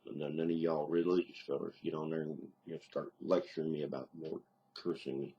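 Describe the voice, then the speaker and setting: A married man with a deep Southern accent, talking bluntly and casually to camera in a home video diary, plainspoken with mild cursing. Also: level tone, brisk, gravelly, warm tone, husky, lo-fi sound. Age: adult, married. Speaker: video diarist.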